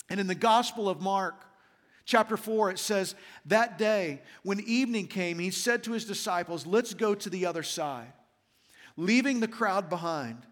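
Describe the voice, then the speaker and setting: Middle-aged male pastor, higher-pitched voice, storytelling sermon, reverberant church hall. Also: a bit bright. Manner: storytelling, slows down for emphasis on scripture. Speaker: senior pastor. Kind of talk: Christmas sermon. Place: large church auditorium.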